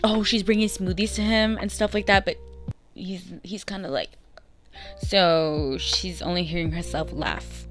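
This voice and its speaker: Young woman vlogger, lower pitch, casual animated story recap, soft music bed. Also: unhurried. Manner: chatty, animated, acts out dialogue in bursts. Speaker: vlogger reading fanfiction aloud.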